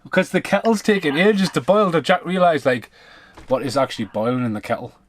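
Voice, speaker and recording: A man's voice: a little high, a little fast, a little hiss or hum. A man co-hosting a casual reunion podcast, telling sweary stories and laughing as he goes. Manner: laughing storyteller, sweary and animated. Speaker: podcast co-host.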